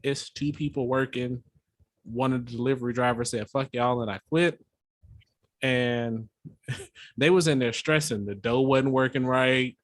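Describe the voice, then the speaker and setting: A man's voice: mid-range voice, fairly even intonation, unhurried, long pauses, no room sound. A man co-hosting a podcast in a laid-back, conversational way, swearing casually. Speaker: podcast co-host. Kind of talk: casual chat.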